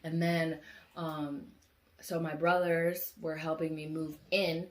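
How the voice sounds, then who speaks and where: Animated slangy woman vlogger. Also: sits low, slow pace. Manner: animated, slangy, acts out voices. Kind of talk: casual dream storytelling.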